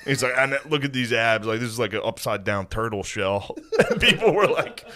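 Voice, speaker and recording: A man's voice: mid-range voice, moderate pace. A man hosting a podcast, telling a story in casual chat, acting out quotes and laughing often. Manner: animated, acts out quotes, laughs a lot. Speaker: podcast host.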